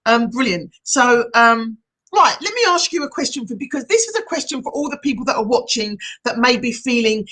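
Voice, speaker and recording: A middle-aged woman, a hypnotherapist hosting a live-streamed chat, speaking in an encouraging, animated way. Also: on the high side, fairly quick. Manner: encouraging, animated, reads viewer comments aloud.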